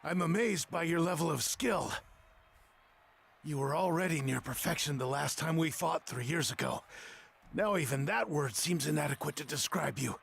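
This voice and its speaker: A man's voice: fairly high pitch, moderate pace, gravelly, fairly bright tone, slightly rough, exaggerated voice. An actor playing a stern, honorable male martial artist facing an old rival, formal and earnest in a video game. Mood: earnest rivalry. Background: game music.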